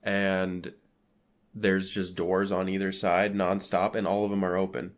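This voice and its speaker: Low-voiced man recapping a movie casually. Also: monotone, unhurried. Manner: loose, filler-heavy retelling with acted-out quotes. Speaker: podcast co-host.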